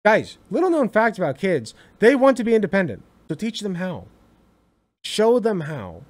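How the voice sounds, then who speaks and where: A young man reacting to a clip in casual commentary, his voice sitting high and leaping around with animation. He sounds exasperated, swears freely and hammers his points by repeating them. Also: wildly swooping pitch, moderate pace.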